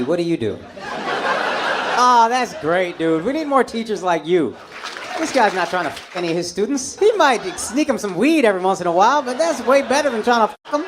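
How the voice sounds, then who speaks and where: A brash male comedian works the room in a live club set, swinging his voice up and down as he roasts people in the crowd. Loud laughter and audience noise fill the recording. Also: very high-pitched. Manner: brash, profane, teasing audience members. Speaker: stand-up comedian. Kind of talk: stand-up crowd work.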